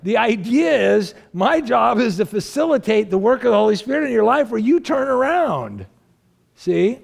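A man preaching as a pastor, talking to the congregation in a conversational way and asking many rhetorical questions, moving between emphatic raised passages and low, quiet asides. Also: big pitch swings, normal speed, gravelly. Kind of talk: sermon.

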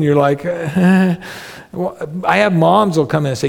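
Preaching in a church sanctuary, a middle-aged pastor speaks in a high, very animated voice with vocal fry, going a little slow. His sermon is earnest and conversational with self-deprecating humor, carried by the long reverb of a large hall.

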